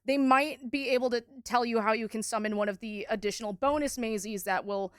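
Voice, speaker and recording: A woman's voice: fairly high pitch, brisk, clear, resonant tone, dry recording, clean studio sound. Giggly young woman running a tabletop game. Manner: giggly, rambling, playful. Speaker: dungeon master.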